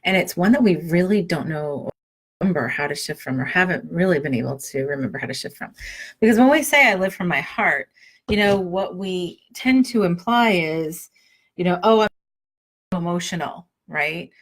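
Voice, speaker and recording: A woman's voice: lowish voice, lively intonation, moderate pace, husky. A middle-aged woman hosting a spiritual podcast, talking in a loose, rambling way with many fillers and restarts. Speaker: podcast host and spiritual guide. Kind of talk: casual spoken monologue.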